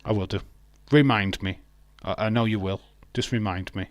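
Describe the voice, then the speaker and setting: A man's voice: lowish voice, normal speed. A man with an English accent, chatting casually as host of a live wrestling watch-along, joking and answering viewer messages. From England. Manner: chatty, jokey, reads viewer chat aloud.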